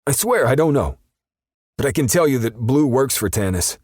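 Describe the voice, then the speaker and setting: A man's voice: medium pitch, very animated, slow pace, fairly bright tone, slightly rough, no echo, studio quality, voice pushed up, heavily acted. A man voicing a frightened young male captive who stammers and pleads, in an audiobook. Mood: terrified.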